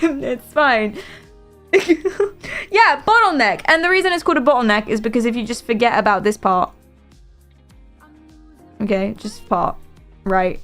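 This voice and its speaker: British woman streamer, higher voice, rambling giggly chat. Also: a bit bright. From Britain. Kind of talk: casual live-stream chat.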